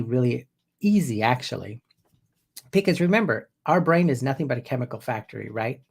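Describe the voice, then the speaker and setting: Gravelly-voiced man in his fifties. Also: medium pitch. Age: 50s. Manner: conversational and loose, often restarting sentences. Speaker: hypnotherapist. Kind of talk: casual spoken teaching to viewers.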